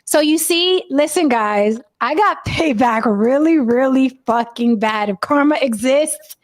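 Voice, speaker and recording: A woman telling a wild personal story in casual chat, profane and animated. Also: high-pitched, unhurried.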